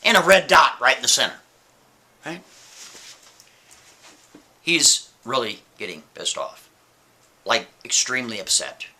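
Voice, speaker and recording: A man casually telling a spooky story, lively and full of rhetorical questions. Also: mid-range voice, measured pace, long pauses. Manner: animated, keeps asking "right?" and rhetorical questions.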